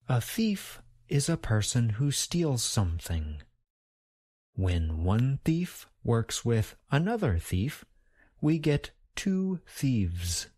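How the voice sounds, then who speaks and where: Guy teaching english sounds super slow, pitch bouncing around, dry close sound. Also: mellow, dry recording. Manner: slow, carefully enunciated, drills sounds for repetition. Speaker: pronunciation teacher. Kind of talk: slow scripted lesson.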